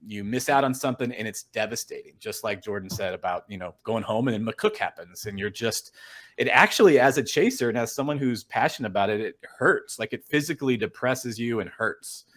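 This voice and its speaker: A middle-aged storm chaser and photographer guests on a casual podcast, speaking briskly in an animated, mid-range, fairly bright voice. He tells rambling, filler-heavy stories with frequent restarts and shares his feelings earnestly.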